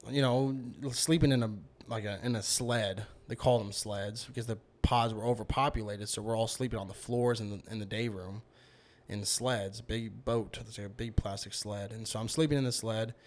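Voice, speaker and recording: His voice sits lowish, with fairly even intonation and a moderate pace. He's a podcast guest casually recounting a long personal story, rambling and peppering it with "you know" and "like".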